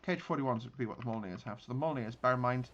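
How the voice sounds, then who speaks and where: A man's voice: mid-range voice, quick pace, fairly bright tone, dull audio, a little hiss or hum. A man giving casual gameplay commentary on a naval battle game, thinking aloud with frequent restarts. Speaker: gaming channel host.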